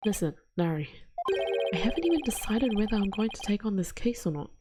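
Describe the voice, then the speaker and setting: A woman's voice: medium pitch, sing-song, a little fast, pitched below the performer's own voice, close to an everyday voice. A woman voicing a wry young male defense attorney, dry and exasperated, with game music behind her.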